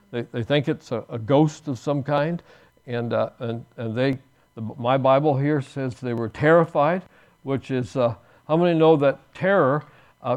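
A man's voice: medium pitch, darkish tone. A man pastor preaching a sermon in church, earnest, with restarts and emphatic bursts.

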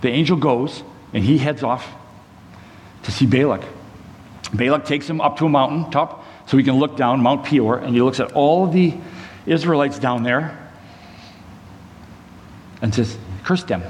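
A man's voice: medium pitch, a little slow, long pauses, darkish tone. Man preaching a Bible story in a hall. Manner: conversational storytelling with side notes. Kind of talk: sermon, retelling a Bible story. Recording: long hall reverb, faint room noise.

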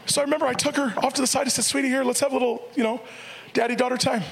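A man's voice: extremely high pitch, fast talker, vocal fry, background noise. A middle-aged pastor preaching with energy, telling a story and voicing other people as he goes, with frequent laughter. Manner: animated, quotes others in raised voices, laughs often.

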